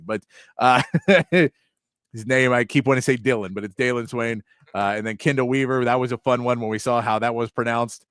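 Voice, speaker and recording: A man's voice: mid-range voice, fairly even intonation, brisk, a bit bright, smooth, no room sound, clean studio sound. Chatty male sports talk host. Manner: chatty, laughs often, rambling asides.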